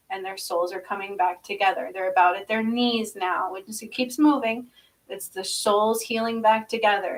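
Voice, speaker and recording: A woman's voice: mid-range voice, a bit bright, far from the mic, rough recording. Woman channeling, intense and repetitive, chanting odd syllables, set back from the mic. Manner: speaks with eyes closed, asks listeners if they understand. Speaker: spiritual channeler. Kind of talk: live spiritual channeling monologue.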